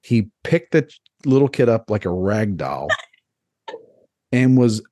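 A man in his thirties co-hosting a podcast, rambling through crude, animated comedic stories in casual chat. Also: fairly low pitch, measured pace, no room sound. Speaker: podcast co-host.

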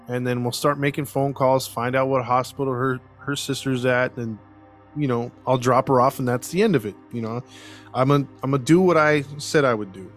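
Faint music plays behind a podcast host with a mid-range voice as he tells a story in casual chat. He's animated, laughs often, and slips into the voices of the people he quotes.

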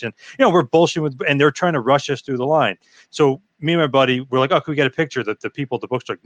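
A man's voice: medium pitch, no echo. A man hosting a casual podcast chat, telling an anecdote as an eager storyteller. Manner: eager storyteller, fast and animated.

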